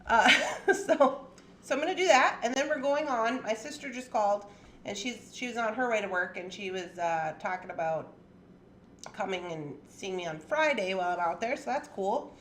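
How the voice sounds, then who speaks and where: A woman's voice: mid-range voice, animated, moderate pace, slight background noise. A woman hosting a casual jewelry-making livestream from her home craft space, chatty and playful, laughing often. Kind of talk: casual chat.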